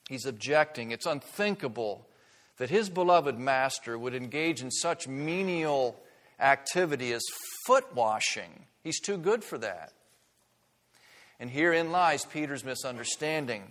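A man's voice: mid-range voice, expressive, fairly bright tone. Earnest man preaching in an echoing hall. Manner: earnest, emphatic, slows down to stress key words. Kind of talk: sermon.

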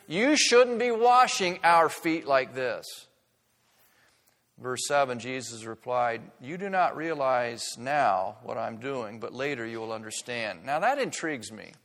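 An earnest man preaching a sermon with a slightly high voice. He is emphatic and slows right down to stress key words. A long echo from a large church hall trails after each line. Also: a bit bright.

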